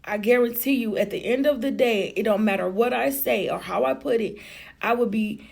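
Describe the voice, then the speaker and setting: A woman talks straight to the camera with a heavily gravelly, husky voice that sits a little high for a woman. Her telling is blunt, chatty and full of profanity. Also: normal speed. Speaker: vlogger. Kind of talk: casual storytelling to camera.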